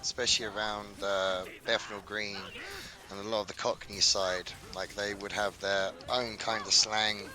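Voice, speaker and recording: Low-voiced man chatting over gameplay. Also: flat delivery, normal speed. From London, England. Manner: laid-back, swears casually. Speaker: streamer playing a video game with friends. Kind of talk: casual gaming chat.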